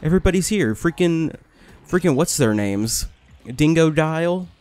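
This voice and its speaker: A man giving casual let's-play commentary, complaining, swearing and getting excited as he plays. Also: fairly high pitch, unhurried, smooth. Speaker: gaming video host.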